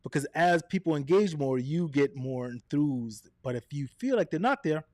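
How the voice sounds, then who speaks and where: A man presenting a live online coaching session, energetic and direct, swinging his voice up and down and checking in with "right?" and "okay?". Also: on the high side, dry recording, clean studio sound. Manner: energetic, varies his voice up and down, quick asides. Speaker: presenter of a live video workshop.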